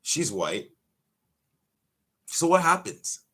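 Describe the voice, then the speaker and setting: A man's voice: a little high, very animated, drawn-out words, a bit bright, breathy edge. A man, a pro wrestler ranting bluntly and profanely on a casual livestream.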